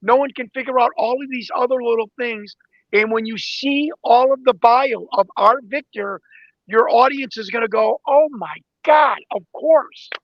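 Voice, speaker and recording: A man telling an investigation story in an interview, excited and acting out the exchanges he quotes. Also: very high voice, moderate pace, no echo, dull audio. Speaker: guest investigator. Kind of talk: animated interview talk.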